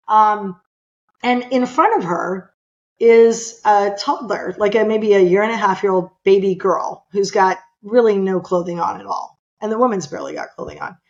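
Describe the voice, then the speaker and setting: A woman's voice: medium pitch, dull audio. Impassioned middle-aged woman telling a story. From California, USA. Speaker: podcast guest. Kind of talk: personal storytelling in a podcast interview.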